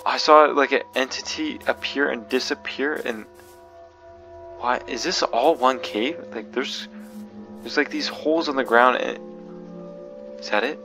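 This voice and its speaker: Nervous male gamer, mid-pitched, jumpy, repeats himself, faint music underneath. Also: measured pace, pauses often. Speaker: gaming video creator. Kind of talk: horror game commentary.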